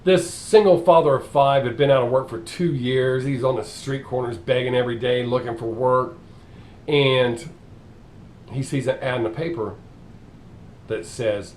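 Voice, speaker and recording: A man telling crude street jokes in a casual, animated way, laughing at his own punchlines. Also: medium pitch, normal speed, slight background noise. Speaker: comedian.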